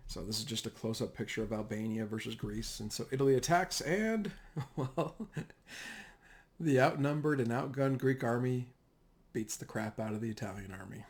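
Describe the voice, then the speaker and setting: A man's voice: mid-range voice, normal speed. A man giving a casual, rambling history lecture over slides, often correcting himself mid-sentence. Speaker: history teacher.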